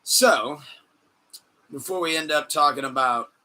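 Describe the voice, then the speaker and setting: A man hosting a podcast in casual chat, excitable and swearing, laughing often. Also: on the high side, measured pace. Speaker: podcast host.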